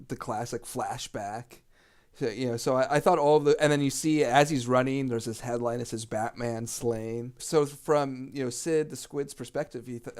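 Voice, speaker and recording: A man's voice: medium pitch, clear, resonant tone. A man co-hosting a podcast in casual chat, easygoing and teasing, rambling with fillers and restarts. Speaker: podcast co-host.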